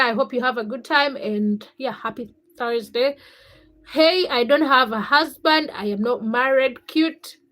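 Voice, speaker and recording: Young woman livestream host from Africa, slightly high voice, easygoing and chatty with her viewers. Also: fairly bright tone, low-quality recording. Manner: chatty, greets viewers by name. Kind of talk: casual livestream chat reading comments.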